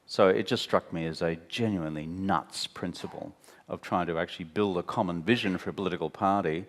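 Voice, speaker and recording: His voice is low and brisk: an Australian former prime minister in his fifties, guesting on stage at a talk venue. He trades candid, blunt and wry anecdotes, animatedly imitating the people he quotes.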